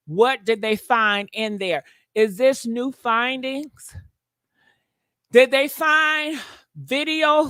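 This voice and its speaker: A woman runs a gossip channel, talking dramatically and directly to her viewers with lots of exclamations in casual gossip commentary. Her voice sits high and has a fairly bright tone, with no echo.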